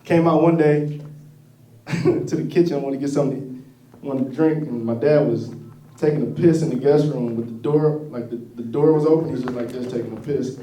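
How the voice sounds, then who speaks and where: A man doing a stand-up comedy set, telling stories in a profane, animated way. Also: mid-range voice, moderate pace. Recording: echoey room, distant mic.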